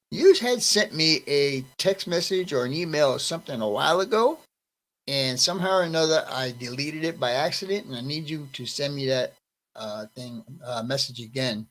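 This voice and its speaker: A man hosts a casual live stream, greeting viewers in his chat one by one by name in a friendly way. His voice is fairly high and bright, expressive, at a moderate pace, and the recording quality is low.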